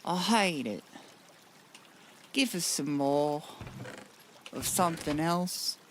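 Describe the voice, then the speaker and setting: A US gaming streamer chats loosely and swears while playing, answering chat along the way in a casual live stream. The mid-range voice moves slowly, with a little hiss or hum in the audio.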